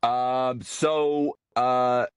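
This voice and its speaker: A man's voice: medium pitch, steady tone, clear, resonant tone, no echo. An older man co-hosting a podcast, joking in playful banter. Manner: jokey, playful banter with quick laughs. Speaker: podcast co-host. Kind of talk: casual comedic chat.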